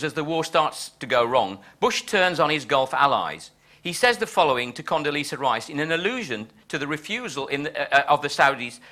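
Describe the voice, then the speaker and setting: A man giving a measured, explanatory academic lecture. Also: mid-range voice, pushed and bright.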